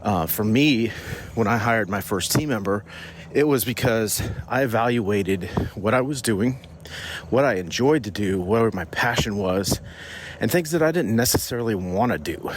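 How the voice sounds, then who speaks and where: Lowish-voiced man talking while walking. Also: lively intonation, moderate pace, a little hiss or hum. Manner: conversational, rambling with restarts. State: slightly out of breath from walking. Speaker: podcast host. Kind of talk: casual business podcast monologue. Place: outdoors on a morning walk.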